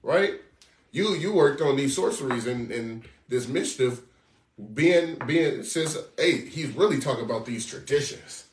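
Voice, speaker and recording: A man preaching on scripture in a casual, animated way, full of slangy asides and mocking commentary. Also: mid-range voice, unhurried, a little hiss or hum. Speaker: street preacher. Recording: echoey room from far off.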